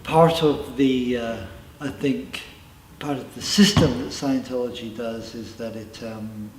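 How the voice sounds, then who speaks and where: A man's voice: mid-range voice, steady tone, unhurried, a little hiss or hum. A middle-aged man giving a personal account in an interview. He is reflective, with emphatic asides. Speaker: interviewee, former member telling his story. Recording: roomy, from a distance, faint ambience.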